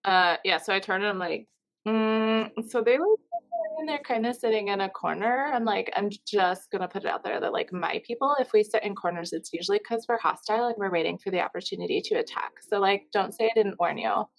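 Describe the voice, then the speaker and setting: A woman's voice: medium pitch, a little fast, gravelly. A woman playing a tabletop game, speaking in a playful, teasing way and laughing often. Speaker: player. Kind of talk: casual tabletop role-play chat.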